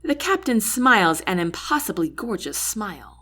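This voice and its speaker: A woman narrating a first-person novel aloud, giving each character a voice of their own. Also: moderate pace. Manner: lively, shifts pitch and loudness for each character. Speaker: audiobook reader.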